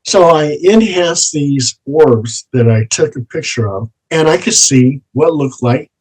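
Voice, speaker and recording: A man's voice: on the high side, lively intonation, a little slow, a little mellow, slightly rough, poor audio. A man who is a paranormal investigator, telling his cases in an interview in a plain, anecdotal way, repeating his set phrases. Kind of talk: interview storytelling.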